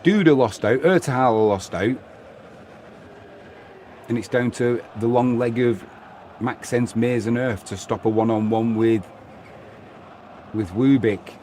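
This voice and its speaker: A man's voice: mid-range voice, measured pace, long pauses, warm tone, slight background noise. A man hosting live football commentary, chatting and reading out viewer comments between plays. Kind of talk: live watch-along commentary.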